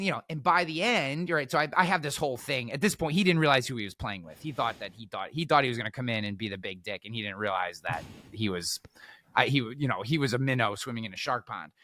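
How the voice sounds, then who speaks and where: A man telling stories as a podcast guest, energetic, repeating words and acting out quotes. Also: medium pitch, quick pace. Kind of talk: animated storytelling.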